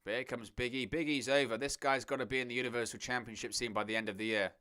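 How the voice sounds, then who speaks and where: Bright, crisp-voiced man commentating live. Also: mid-range voice, fairly even intonation, quick pace. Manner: chatty, thinking aloud, addresses viewers. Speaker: host of a wrestling watch-along stream. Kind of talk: live watch-along commentary, reading chat.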